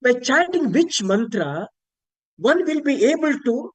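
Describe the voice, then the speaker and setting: A man speaks at a slow, deliberate pace, teaching in an online spiritual lecture. He explains patiently and chants Sanskrit words aloud to demonstrate rising and falling intonation, as heard over a video call. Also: extremely high pitch, sing-song, breathy edge, poor audio. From India.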